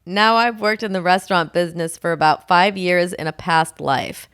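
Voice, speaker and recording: A female podcast co-host reads listener emails and teases her partner with dry skepticism. Her voice sits on the lower side for a woman. It is recorded close on a dry, dead-sounding mic. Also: steady tone, normal speed, a bit bright, clean tone, no room sound. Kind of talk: casual comedic chat.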